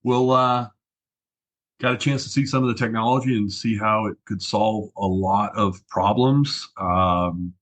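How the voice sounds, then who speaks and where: A man's voice: fairly low pitch, normal speed, hardly any pauses. A man, a regular guest on a tech podcast, chatting and reminiscing with many fillers. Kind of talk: casual podcast chat.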